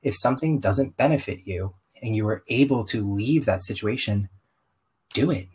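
Young man, slight Southern accent, low husky voice, candid animated interview guest. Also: normal speed. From Southern US, raised partly in Baltimore. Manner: open, animated storytelling with quoted asides.

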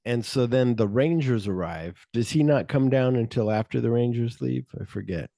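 A man's voice: medium pitch, moderate pace, vocal fry, dark tone, no echo, studio quality. A man co-hosting a casual movie podcast, retelling scenes animatedly and swearing freely. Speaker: podcast co-host.

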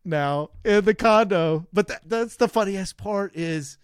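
A man in his thirties co-hosts a podcast in casual chat, telling long rambling stories and laughing often. His voice is high, smooth and a little slow. The recording is studio quality with no room sound.

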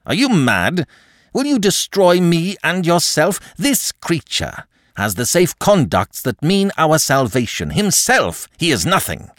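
A man's voice: a little high, wildly swooping pitch, a little slow, fairly bright tone, dry recording, clean studio sound, voice pushed up, exaggerated voice. A man voicing a cold, desperate aristocrat who speaks in an icy, clipped, menacing way.

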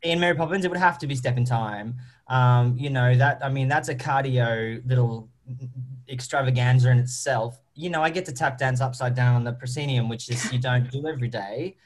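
A man's voice: medium pitch, a little fast. An Australian man, a stage actor, answering interview questions in an upbeat, chatty way, with plenty of ums and you-knows.

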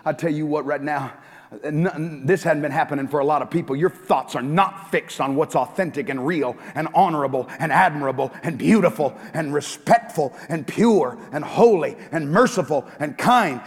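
High-voiced male pastor preaching in a hall. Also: normal speed. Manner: preaching, swinging from hushed asides to shouting. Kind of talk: sermon. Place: large church hall. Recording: long reverb of a church hall.

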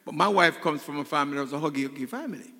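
A man's voice: fairly high pitch, very fast, pushed and bright. A male pastor preaching a sermon in a church, repeating phrases and asking the congregation for an "Amen". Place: church sanctuary. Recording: long reverb in a large hall.

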